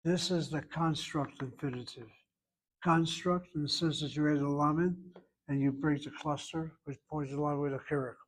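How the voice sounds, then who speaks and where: A man's voice: a little high, fairly even intonation, moderate pace. A man teaching a Hebrew grammar lesson, patiently explaining verb forms and careful pronunciation.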